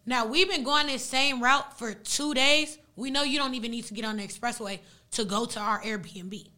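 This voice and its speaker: Telling a story casually and with plenty of energy, this young native Arabic speaker fills her fast retelling with slang. Her voice sits fairly high, bright and sharp.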